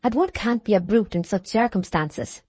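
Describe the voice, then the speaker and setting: A woman reading an audiobook, voicing a determined young working man in her own mid-pitched voice. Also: animated, moderate pace, darkish tone, slightly rough, dry recording. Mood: firm. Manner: firm, determined.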